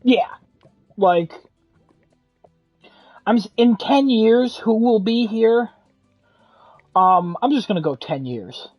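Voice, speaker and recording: A man co-hosting a casual podcast chat, easygoing and quick to laugh. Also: high-pitched, animated, lo-fi sound, soft background music.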